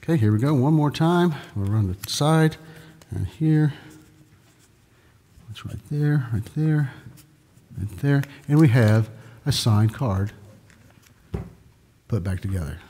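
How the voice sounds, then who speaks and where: A man from Texas talks his way through card tricks on a live stream, his husky voice trailing off in a long reverb. He rambles, restarts and drops corny jokes between moves. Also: mid-range voice, lively intonation, slow pace, pauses often, warm tone. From Dallas, Texas. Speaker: magician. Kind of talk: live-streamed magic show with joking patter.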